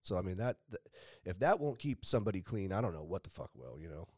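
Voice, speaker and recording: Blunt, profane man with a low voice. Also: fast talker, vocal fry, no echo, studio quality. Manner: blunt and heavily profane, animated. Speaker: podcast host. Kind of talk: casual chat.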